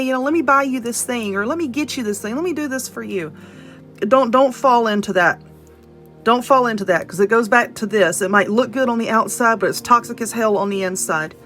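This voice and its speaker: A woman's voice: a little high, fairly bright tone. A woman giving a casual tarot and Lenormand card reading, blunt and chatty, often checking in with "okay?" and "you know". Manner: laughs and yawns between points.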